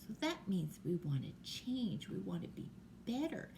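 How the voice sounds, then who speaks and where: A woman's voice: medium pitch, very animated, creaky, a little hiss or hum. Older woman reading a bedtime storybook. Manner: slow, gentle, explaining to small children. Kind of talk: bedtime picture-book reading.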